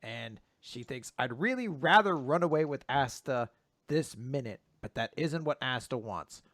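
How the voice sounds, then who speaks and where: A man casually retelling a manga chapter on a podcast, animated and acting out the lines as he goes. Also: mid-range voice, a little slow, no room sound, clean studio sound. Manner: animated, slips into character voices when retelling. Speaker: podcast host. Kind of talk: casual manga recap chat.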